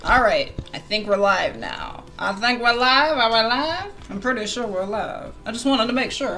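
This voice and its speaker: A woman hosting a casual live stream, excitable and bubbly, laughing often and bursting into squeals, on a desk mic with soft music behind her. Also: on the high side, moderate pace, hardly any pauses. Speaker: livestream host. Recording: quiet music under the voice. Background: soft background music.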